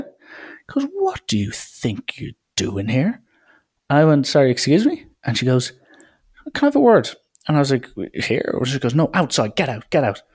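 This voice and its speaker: A man, a podcast host telling coaching stories in a casual, animated way and acting out the people he quotes. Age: 20s. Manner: animated, acts out quoted people with big pitch jumps. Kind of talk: casual storytelling monologue.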